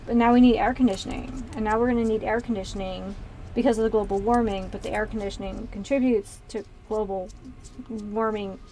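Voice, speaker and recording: A woman's voice: medium pitch, fairly even intonation, fairly quick, mellow, slight background noise. A woman in her thirties chatting casually while building Lego on a stream, rambling through many asides from a small converted closet. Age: 30s.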